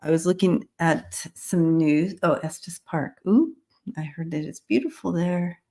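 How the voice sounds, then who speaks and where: A woman hosts a live-stream psychic reading show, greeting viewers by name and chatting casually with lots of fillers and restarts. Her voice is mellow and fairly low, and she keeps a measured pace.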